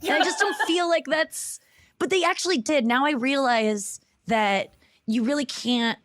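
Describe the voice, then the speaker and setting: A woman speaking candidly as a guest, reflective and halting, often restarting her sentences. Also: high-pitched, a bit bright, dry recording. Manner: reflective, halting, self-correcting. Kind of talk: candid personal talk.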